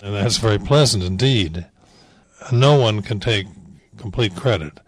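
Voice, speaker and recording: Reminiscing in a lowish, slightly rough voice at a somewhat slow pace, a veteran animation director, now older, tells rambling anecdotes with dry wit, often restarting and using fillers. There's no echo, but the recording is rough.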